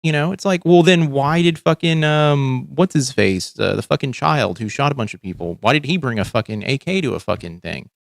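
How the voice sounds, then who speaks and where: A man's voice: mid-range voice, very animated, brisk, creaky, hardly any pauses, no echo. Male livestream host, mid-range voice, dry close sound, swears a lot and rambles with many fillers. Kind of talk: casual political chat.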